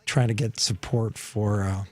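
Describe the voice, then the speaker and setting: A man's voice: fairly low pitch, steady tone, a little slow. A man, a former state senator, co-hosting a radio talk show in studio, earnest and searching as he talks. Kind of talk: casual political chat.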